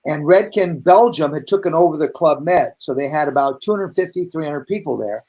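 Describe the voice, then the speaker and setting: A man hosting a casual video-call chat, telling stories with lively acted-out bits. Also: fairly high pitch, brisk. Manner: animated storyteller, acts out voices in his anecdotes. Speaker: host, hair educator.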